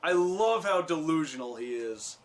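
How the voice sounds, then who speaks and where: A man's voice: fairly high pitch, lively intonation, moderate pace, slight background noise. A young man hosting a video, narrating cartoon clips with dry, mocking commentary. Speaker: video host. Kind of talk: sarcastic commentary over clips.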